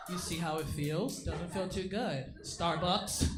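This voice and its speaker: A young man doing a stand-up comedy set, animated and self-mocking, slipping into quick mock voices. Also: high voice, faint music behind. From Eritrean family. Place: comedy club stage. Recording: echoey club room with crowd noise.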